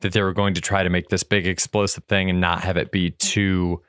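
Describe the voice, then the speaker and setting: A man in casual film discussion chat, talking in a thoughtful, measured way with some hedging. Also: low-pitched, flat delivery, a bit bright, clean tone, no echo, clean studio sound. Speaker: podcast co-host.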